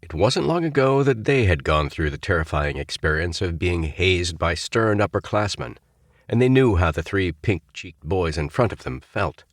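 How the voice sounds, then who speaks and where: A man narrating a children's space adventure audiobook with expressive storytelling. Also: deep voice, normal speed, no echo, clean studio sound. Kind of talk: scripted narration.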